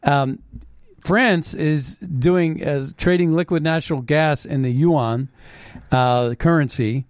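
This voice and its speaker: A man's voice: fairly high pitch, slow, dry recording. A male podcast co-host chats loosely and scoffs at the news. He trips through fillers and restarts as he goes. The recording is dry and close. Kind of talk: casual chat.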